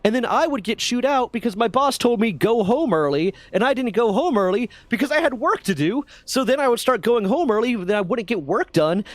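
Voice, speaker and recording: A man co-hosting a gaming stream, telling candid, profane stories in casual chat with lively swings in his delivery. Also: extremely high pitch, dry recording. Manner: candid, profane, animated storyteller.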